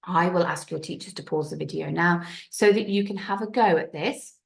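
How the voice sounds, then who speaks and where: A woman teaching a primary school French lesson on video, speaking clearly and patiently, with careful French pronunciation. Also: on the low side, normal speed. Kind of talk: recorded classroom video lesson.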